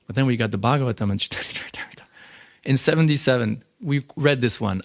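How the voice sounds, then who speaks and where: Leading a scripture class at a temple, a fast-talking man with a mid-range voice lectures conversationally and with animation, using fillers often.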